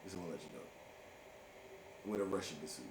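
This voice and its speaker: A man's voice: deep voice, fast. A man co-hosting a casual couples podcast, joking and laughing with his partner and slipping into playful bits. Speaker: podcast co-host. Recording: echoey room with noise.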